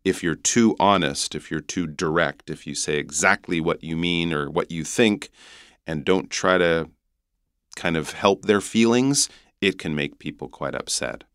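A Canadian man with a Canadian accent speaks in a very low, smooth, resonant voice. He explains English phrases politely and gently as a guest teacher on a podcast lesson. The sound is close and dry, with no room around it. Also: unhurried, no echo.

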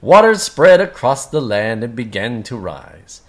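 A woman's voice: extremely low pitch, big pitch swings, unhurried. A woman reading a children's picture book aloud, acting out the characters and sound effects. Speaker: story reader.

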